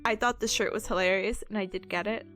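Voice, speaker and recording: A woman's voice: mid-range voice, steady tone, fast, fairly bright tone, faint music behind. A woman streaming and chatting casually, telling stories in a bubbly, giggly way. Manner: giggly, bubbly storytelling, frequent laughter.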